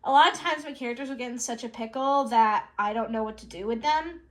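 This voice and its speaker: High-pitched woman, giggly solo role-play narrator, rambling and self-aware. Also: fairly quick, a bit bright. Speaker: solo tabletop role-player.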